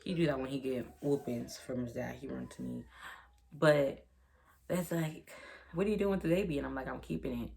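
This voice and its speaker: A woman's voice: rumbling low, moderate pace, creaky, dark tone. A young woman vlogger telling a personal story in a rambling, repetitive way, acting out the dialogue and sometimes dropping to a whisper. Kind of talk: storytime vlog.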